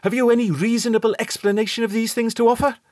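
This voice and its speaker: A man's voice: medium pitch, lively intonation, normal speed, no room sound, voice pushed up, natural voice. A ship's doctor, blunt and superstitious, as put on by a male audiobook reader. He is curt and stubbornly sure of himself, in a voice lifted well above the reader's own. The recording is close and dry. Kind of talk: dramatic audiobook reading.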